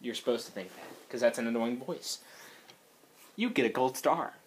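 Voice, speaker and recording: A woman vlogging at home on a handheld camera, rambling casually, swearing often, jumping between loud yelling outbursts and low muttering. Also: normal speed, slight background noise. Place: at home, walking through rooms.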